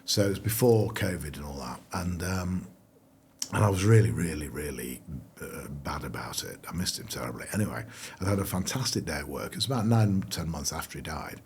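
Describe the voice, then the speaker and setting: A man's voice: a bass voice, expressive, brisk, darkish tone, a little hiss or hum. A middle-aged man, a brand founder being interviewed, talking casually and rambling with lots of fillers and restarts. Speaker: guest.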